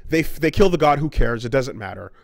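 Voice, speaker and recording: A man co-hosting a casual podcast, ranting with profanity and jumping into quick high-pitched impressions of characters. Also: creaky, dry recording, clean studio sound. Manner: animated, profane, acts out character quotes in sudden high voices. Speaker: podcast co-host.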